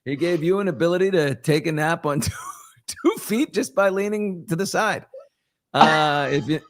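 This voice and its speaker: A man's voice: a little high, moderate pace. A man in his fifties from New York, hosting a casual live chat and answering viewers, rambling and self-reflective with joking asides. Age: 50s. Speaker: host.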